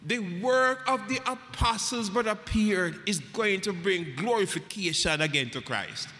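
A man's voice: sits high, unhurried, sharp tone, soft background music. A man preaching a Bible study, emphatic and repetitive, asking the congregation questions as he teaches. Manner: emphatic, repeats phrases, asks the congregation questions. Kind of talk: sermon-style Bible teaching. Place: church hall. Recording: echoey hall with long reverb.

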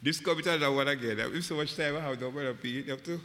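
A man with a mid-range, sharp-toned voice races through a Bible study delivered like a sermon in a church hall. He repeats phrases emphatically and questions the congregation as he teaches, with the echoey hall adding long reverb.

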